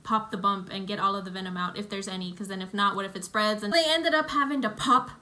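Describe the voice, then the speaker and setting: A young woman from Costa Rica telling an animated storytime on her own channel, acting out what others said. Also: fast talker. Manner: animated storyteller who acts out quotes in high shrieks. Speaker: YouTuber. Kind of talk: storytime vlog.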